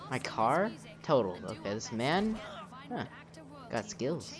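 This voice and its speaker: Over game music, a young man does a casual let's-play, describing his own moves and cursing at the game when things go badly. His mid-range voice is sing-song and slow.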